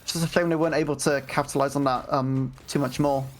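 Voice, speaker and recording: A woman co-commentating a live game tournament, giving relaxed analysis with frequent ums and restarts. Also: a bass voice, fast talker, faint music behind. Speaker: esports co-commentator.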